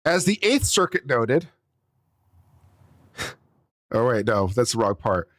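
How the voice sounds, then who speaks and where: A man's voice: medium pitch, sing-song, slow, a bit bright. A man, an attorney, reading out a legal brief and picking it apart with sarcastic, exasperated asides, coughing now and then. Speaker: attorney commentator.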